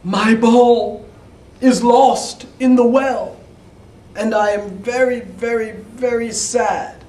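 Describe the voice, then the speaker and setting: A man voicing a young pampered princess in a fairy tale, with a high, exclaiming, pleading delivery. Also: steady tone, slow pace, darkish tone. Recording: echoey room, mic at a distance.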